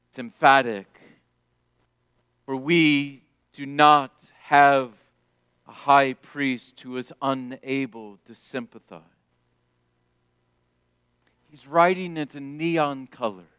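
A middle-aged male pastor preaching a sermon, emphatic, rising to loud declarations and dropping soft. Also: mid-range voice, smooth, no room sound, lo-fi sound.

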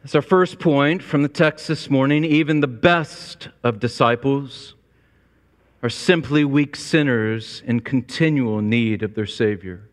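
A man's voice: medium pitch, measured pace. A man preaching a sermon to his congregation, earnest and storytelling, with a long church reverb. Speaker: pastor. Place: church sanctuary.

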